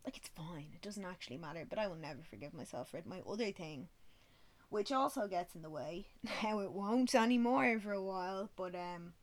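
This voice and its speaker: Woman in her twenties, casual sweary storyteller with a slightly low voice. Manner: chatty, swears freely, self-mocking. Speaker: vlogger.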